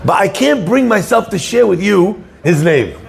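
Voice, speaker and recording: A rabbi tells a story from the pulpit in a high, gravelly voice that swings widely in pitch. The voice has a husky edge. He keeps turning to his listeners with questions. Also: normal speed. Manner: animated storyteller who asks the listeners questions. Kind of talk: storytelling sermon.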